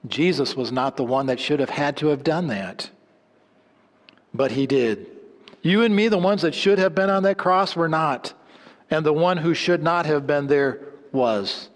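A man delivers a sermon in a slightly high voice, pressing hard on key lines and then sinking to low, hushed endings. His voice rings out with a long hall reverb, as in a church sanctuary. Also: unhurried. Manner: dramatic swings between loud emphatic lines and low hushed endings. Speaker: preacher.

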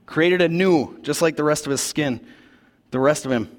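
A man preaches in a church, telling the story with a relaxed, chatty energy and slang tossed in. His voice sits a little high for a man. It rings out with the long reverb of a big hall. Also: moderate pace. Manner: casual, animated retelling of scripture, slangy asides. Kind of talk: sermon.

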